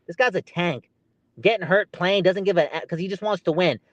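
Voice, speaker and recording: A man's voice: sits high, normal speed, no room sound. Ranting man on lo-fi audio. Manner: animated, ranting, exasperated. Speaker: podcast co-host. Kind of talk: heated casual podcast chat.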